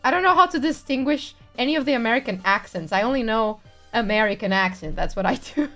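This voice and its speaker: A young woman streaming a game, giggly and playful, her voice riding a little high and swinging widely as she reacts. Faint music plays beneath her chatter. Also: expressive, fast talker, fairly bright tone. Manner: giggly, frequent laughter, playful. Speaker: VTuber streamer. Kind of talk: casual game commentary, reading dialogue aloud.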